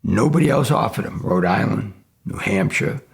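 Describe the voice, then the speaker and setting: Deep rough voiced college coach telling a story, lots of rasp. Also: male voice, lively intonation, normal speed. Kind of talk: documentary interview.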